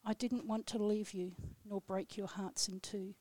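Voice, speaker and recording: Slow, solemn and measured, a woman recites her own poem as a guest in a radio studio. Her voice is mellow and middle-pitched, and her delivery is flat, barely rising or falling. The recording is dry and close.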